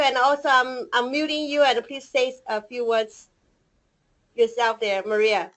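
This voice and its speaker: Very high-voiced woman co-hosting a call, super excited, voice shaky, lots of uhs and ums. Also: unhurried. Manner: giddy, shaky voice, many fillers. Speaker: co-host of a business group call. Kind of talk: excited moderating on a conference call. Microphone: online call audio.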